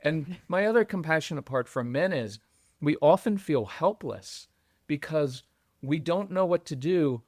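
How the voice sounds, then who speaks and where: A middle-aged man guesting on a podcast about parenting, who talks in an animated, conversational way and acts out what other people say. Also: unhurried, no echo, clean studio sound. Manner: animated, acts out quoted voices with jumps in pitch. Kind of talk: conversational interview.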